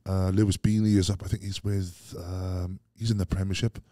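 As a podcast guest, a middle-aged Welsh man rambles through stories in casual chat, dropping "mate" often. His low, warm voice moves little in pitch at a normal speed, captured in studio quality with no room sound.

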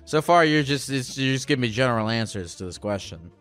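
Lively, blunt male talk-show host. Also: medium pitch, fast talker, faint music behind. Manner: blunt, profane, pressing questions. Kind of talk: call-in advice show.

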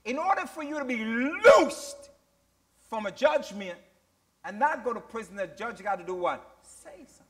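A man's voice: extremely high pitch, expressive, moderate pace, fairly bright tone. A man pastor preaching a sermon to his church, using call-and-response questions and emphatic rising delivery.

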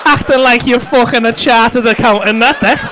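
A man's voice: very high voice, fairly quick. A man doing stand-up crowd work, teasing and swearing with laughing banter. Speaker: stand-up comedian. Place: comedy club stage. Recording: live club with loud crowd. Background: audience laughter.

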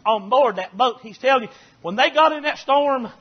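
High-voiced husky preaching man. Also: normal speed. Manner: folksy and joking, building to shouted preaching. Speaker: Baptist preacher. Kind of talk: sermon. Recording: dull lo-fi recording.

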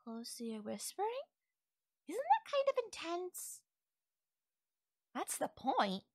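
A naive young wolf-girl, voiced by a woman in an ASMR audio role-play, asking question after question. Her voice sits high and swoops up and down, and she takes her time with every word. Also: wildly swooping pitch, slow pace, no echo, clean studio sound, full character voice. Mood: soft, wondering. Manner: wondering, questioning, innocent. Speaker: voice actress.

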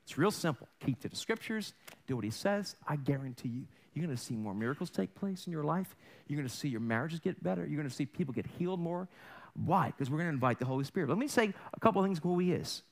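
Animated, high-pitched male pastor preaching. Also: fast talker, gravelly. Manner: animated, acts out family voices in quotes. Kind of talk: sermon. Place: church sanctuary.

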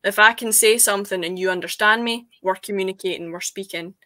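A woman's voice: mid-range voice, quick pace, bright, forceful tone, no echo. A young Scottish woman in casual chat, eagerly explaining words on a video call. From Scotland. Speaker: guest.

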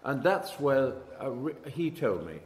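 A man, a guest on a convention panel, speaking haltingly with many pauses, in a large hall. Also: medium pitch, very animated. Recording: echoey hall with faint ambience.

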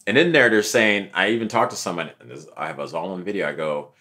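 A young man, an interview guest, telling his story in a casual, animated way and acting out what others said. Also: sits low, fast talker. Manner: animated, acts out quotes of others.

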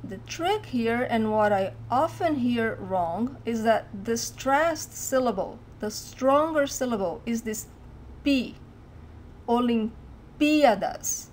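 A woman's voice: fairly high pitch, lively intonation, slow pace, a little hiss or hum. Brazilian woman teaching pronunciation. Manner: clear, careful pronunciation drills. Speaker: Portuguese teacher. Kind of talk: language lesson to camera.

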